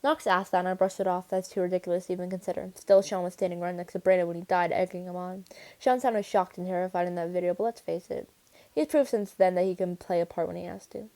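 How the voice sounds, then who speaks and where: A woman's voice: fairly low pitch, quick pace. Woman narrating a first-person audiobook. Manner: clear, steady narration with occasional restarts. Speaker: audiobook reader.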